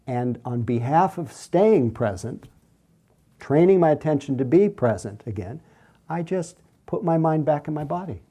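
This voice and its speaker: Male meditation teacher, deep-mellow timbre, soft and unhurried delivery. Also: animated, slightly rough. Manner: gentle, unhurried, soothing. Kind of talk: mindfulness talk with questions.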